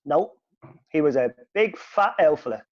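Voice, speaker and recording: A man telling a sweary, animated story as a podcast host, his voice jumping up when he quotes himself. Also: on the high side, moderate pace, no echo. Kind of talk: casual storytelling. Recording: dull lo-fi podcast audio.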